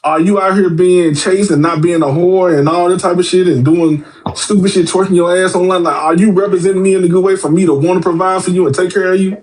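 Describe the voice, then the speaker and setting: A man's voice: high-pitched, fast. A man, a podcast guest, talking bluntly and profanely in casual chat and acting out the voices of people in his stories. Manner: blunt, profane, animated storytelling; acts out quoted voices.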